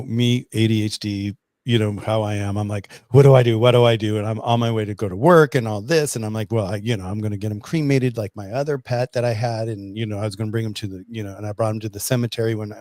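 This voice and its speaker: A man hosting a casual online chat, telling stories in an animated way over a video call. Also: on the low side, no echo. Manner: animated storyteller. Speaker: host.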